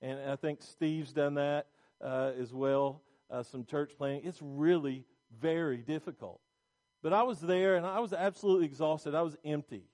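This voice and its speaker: A man's voice: fairly high pitch, normal speed, a little mellow. A middle-aged male pastor preaching a sermon, emphatic and repetitive, with restarts.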